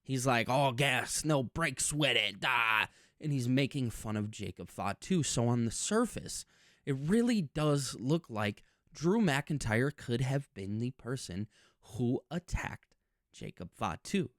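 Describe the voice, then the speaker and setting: A man's voice: medium pitch, measured pace, dry recording. Emphatic man recapping wrestling, dry sound. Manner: emphatic, chatty, repeats words when excited. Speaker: wrestling commentary channel host. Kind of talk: casual recap and opinion monologue.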